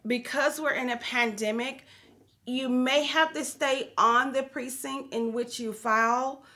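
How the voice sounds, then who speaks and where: Talking to the camera in a high-pitched, sharp voice, this business and real estate show host keeps a steady tone and a measured pace. She's chatty and encouraging, full of fillers, and addresses her viewers as "guys."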